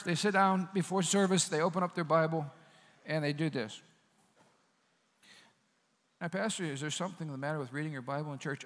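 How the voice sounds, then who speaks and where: A man preaching a sermon as pastor, in a conversational, animated style with asides to the congregation. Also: fairly high pitch, big-room sound. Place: church sanctuary.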